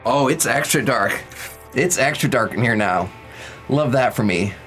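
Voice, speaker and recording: A man's voice: mid-range voice, lively intonation, unhurried, fairly bright tone, faint music behind, rough recording. A young man streaming live, chatting playfully with viewers and counting out workout reps. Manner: playful, joking with chat, counting out exercise reps. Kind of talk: casual live-stream chat.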